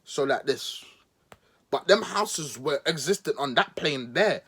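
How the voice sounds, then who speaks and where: A husky man delivers a mocking, sarcastic podcast monologue. His lively voice swings up and down as he teases and exaggerates. It sits a little high for a man. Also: a little slow. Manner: mocking, animated, playful voices for emphasis. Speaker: podcast host. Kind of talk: sarcastic political commentary monologue.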